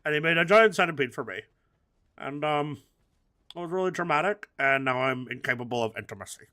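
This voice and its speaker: A man's voice: medium pitch, animated, fairly quick, sharp tone. A man giving comedic gaming commentary, rambling through absurd, crude jokes. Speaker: gaming video host.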